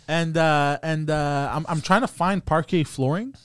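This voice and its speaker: Hesitant man, slightly high voice. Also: measured pace, fairly bright tone, smooth, no room sound, studio quality. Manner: hesitant, many fillers, loses his train of thought. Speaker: podcast co-host. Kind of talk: casual chat.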